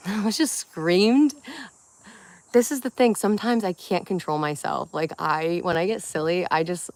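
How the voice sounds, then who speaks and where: A woman's voice: fairly low pitch, unhurried, a little mellow, no room sound. A young woman chatting casually on a live stream, rambling, giggling and swearing now and then.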